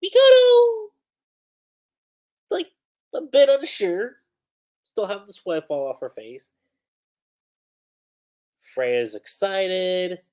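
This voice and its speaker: A man chatting on a livestream with a lively voice that swoops up and down. He takes his time, speaking at an unhurried pace. He is excitable and peppers his talk with "like.". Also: high-pitched. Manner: excitable, animated, full of "like" fillers, breaks into laughter. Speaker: manga reviewer on a livestream. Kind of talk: casual livestream commentary.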